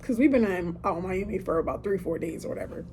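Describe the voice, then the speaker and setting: Woman, 30s, mellow, casual gratitude monologue from a hotel room. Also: fairly low pitch, fast, a little hiss or hum. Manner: emotional, preachy, asides like "listen" and "okay". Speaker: podcaster.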